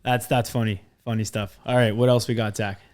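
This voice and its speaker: A man co-hosting a sports betting podcast, chatting in quick, offhand banter. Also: fairly low pitch, flat delivery, a little mellow. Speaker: podcast co-host. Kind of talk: casual chat.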